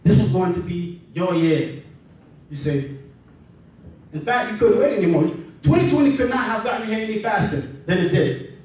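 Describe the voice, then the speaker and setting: Preacher guy, high voice, keeps saying right?, big echoey church, muffled far mic. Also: animated, moderate pace, pauses often, darkish tone. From Bahamas. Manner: conversational, asks "right?" often. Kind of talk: sermon.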